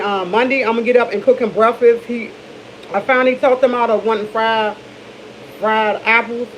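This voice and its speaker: Middle-aged dc woman rambling to the camera, kinda dull recording with faint hiss. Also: fairly high pitch. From Washington, D.C. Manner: candid, rambling, with many restarts. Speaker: vlogger. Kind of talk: casual morning chat to camera.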